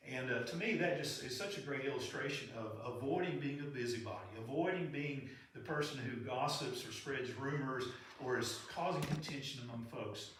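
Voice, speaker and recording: A man's voice: mid-range voice, normal speed, few pauses, a bit bright, a little hiss or hum. A man preaching a sermon in a church in an earnest, conversational way. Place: church sanctuary. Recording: echoey hall from far off.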